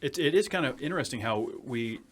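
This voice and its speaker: A man's voice: medium pitch, expressive, a little fast. A man from New England hosting a podcast, upbeat and joking, often saying "you know". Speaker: podcast host. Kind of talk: casual podcast chat.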